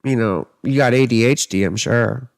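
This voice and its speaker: Gravelly and medium-pitched, this man speaks at a moderate pace in a dry recording. An astrologer and tarot reader, he rambles playfully through viewer comments on a casual livestream, joking one moment and musing the next.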